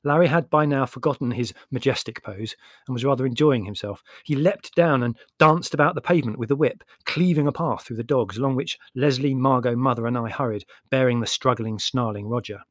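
A man narrating an audiobook with measured, wry storytelling in an average-pitched voice. The recording is dry and close, with no room sound. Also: no room sound.

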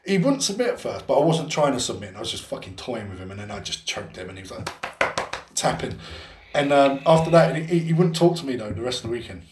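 A man's voice: mid-range voice, big pitch swings, fast talker, roomy sound, noisy background. A young adult Englishman co-hosting a podcast, swearing a lot and telling a story animatedly. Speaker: podcast co-host. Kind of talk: casual storytelling chat.

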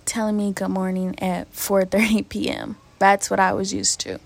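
A young woman talks straight to her listeners in a raw, profane solo podcast vent. Her voice sits at an ordinary middle pitch for a woman, and her talk is loose and conversational. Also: little pitch movement, moderate pace, creaky. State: emotionally hurt, near tears. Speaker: podcast host. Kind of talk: casual solo podcast venting.

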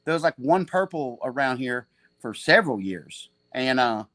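A man in his forties speaks at a middle pitch, telling loose, profane stories with many false starts. His tone is casual and chatty. The recording is dry and close. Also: lively intonation, moderate pace, fairly bright tone, no room sound. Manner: rambling, profane, frequent restarts and laughter. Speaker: podcast guest, jiu-jitsu black belt and gym owner. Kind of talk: casual storytelling chat.

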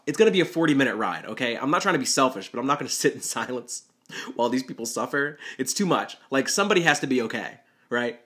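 A man's voice: mid-range voice, quick pace, a bit bright. A young man, a rideshare driver, telling a rambling, self-deprecating story with nervous laughs. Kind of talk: storytelling monologue.

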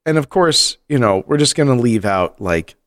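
A man co-hosting a podcast in casual chat, animated and rambling, laughing often and restarting his sentences. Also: mid-range voice, moderate pace. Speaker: podcast co-host.

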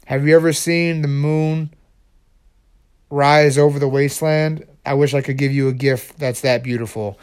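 A man voicing a gentle, friendly male super mutant who speaks sweetly and wistfully. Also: on the high side, fairly even intonation, normal speed, smooth, close to an everyday voice.

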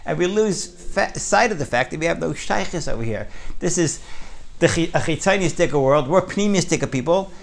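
A man with a gravelly, higher-pitched voice teaches a Torah class at a moderate pace with few pauses. He's animated as he tells a story, his voice rising for emphasis as he drives points home with frequent "right?"

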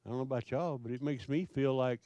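A man preaching a sermon, asking his listeners question after question in a slow, emphatic way. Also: medium pitch, mellow, dry recording, lo-fi sound. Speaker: pastor.

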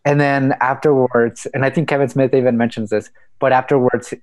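A man co-hosting a casual film podcast, relaxed and agreeable, with many fillers. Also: mid-range voice, a little fast, no room sound. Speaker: podcast co-host. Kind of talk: casual film review chat.

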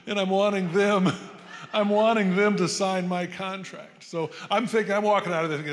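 A man's voice: sits high, steady tone, brisk. A man preaching a sermon in a church, rambling through folksy stories and asides, often checking in with "amen?". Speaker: pastor. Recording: long hall reverb.

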